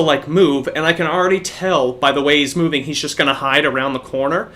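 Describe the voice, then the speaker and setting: A man's voice: a little high, fairly even intonation, a little fast, few pauses, bright, forceful tone. A young man, a podcast co-host, telling a profane story in casual chat.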